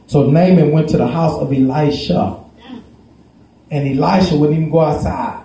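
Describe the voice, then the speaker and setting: A pastor preaching a folksy, story-driven sermon that swells into shouts. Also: male voice, on the high side, steady tone, normal speed. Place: church sanctuary. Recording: echoey church room.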